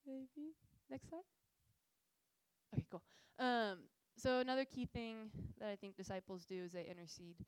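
A woman's voice: a little high, moderate pace, clear, resonant tone, no room sound, low-quality recording. A young woman giving a casual, earnest faith talk to a group, telling stories with lots of fillers. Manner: earnest, animated storytelling with frequent fillers. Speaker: missions speaker.

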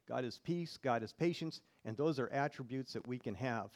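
A man's voice: mid-range voice, normal speed, a little mellow. A male pastor preaching a sermon in church, reading scripture aloud and putting questions to the congregation.

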